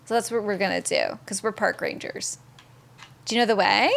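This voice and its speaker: A woman's voice: medium pitch, fairly even intonation, normal speed, creaky, a bit bright. A young woman streaming a video game, chatting in an upbeat way and thanking viewers by name. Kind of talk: casual live-stream commentary.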